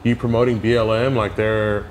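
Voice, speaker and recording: Laid-back low-voiced young man. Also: normal speed, a little hiss or hum. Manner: animated storyteller, heavy "like" fillers. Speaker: podcast guest. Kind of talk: casual storytelling interview.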